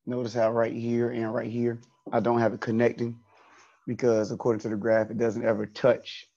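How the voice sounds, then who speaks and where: A man's voice: mid-range voice, monotone, moderate pace, vocal fry, dark tone, lo-fi sound. A man teaching an online statistics class, explaining step by step and repeating key points.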